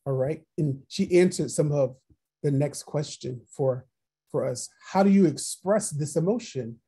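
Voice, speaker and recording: Husky, mellow-voiced webinar trainer. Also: medium pitch, measured pace. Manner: reflective, repeats questions, reads out chat replies. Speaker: workshop trainer. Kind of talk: online training webinar facilitation.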